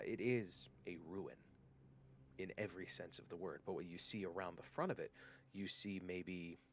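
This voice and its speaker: A man's voice: low-pitched, slight background noise. A man running a tabletop game as game master, narrating the scene in a descriptive way with some hesitant fillers.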